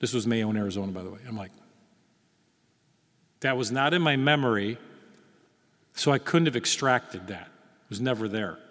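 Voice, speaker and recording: A man in his fifties tells his testimony to a gathered audience, acting out the voices in his story. His mid-pitched voice carries a long reverb from a large hall. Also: normal speed, long pauses. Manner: storytelling, acts out dialogue, lively. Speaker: speaker giving a faith testimony.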